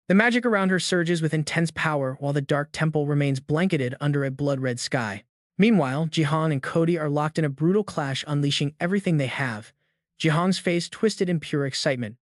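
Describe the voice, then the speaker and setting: A man with a slightly higher voice tells a story recap in a steady, dramatic way. The recording is close and dry, with no room sound. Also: no room sound. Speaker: recap narrator. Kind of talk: scripted story recap narration.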